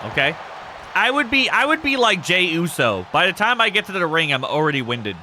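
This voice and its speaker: A man's voice: high-pitched, big pitch swings, fairly quick, bright, forceful tone, slight background noise. A man hosting a live game stream, commentating matches and chatting with viewers in a loose, laughing, foul-mouthed way.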